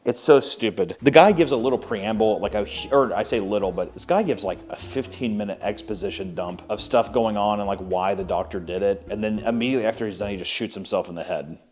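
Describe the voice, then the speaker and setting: A man with a fairly low voice recaps a movie in loose, casual talk. He sounds sarcastic and exasperated and swears freely. Faint music plays underneath. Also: fairly quick, few pauses, a little mellow.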